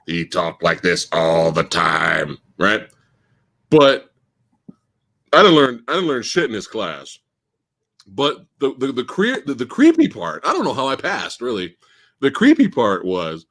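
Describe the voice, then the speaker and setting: A man in his forties telling a story casually on a live stream, laughing loudly and mimicking people in a slow, low voice. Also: huge pitch swings.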